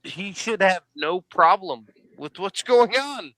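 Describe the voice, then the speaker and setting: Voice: mid-range voice, lively intonation, slow pace, sharp tone. A debate panelist who goads and taunts the others in a jumpy, casual way.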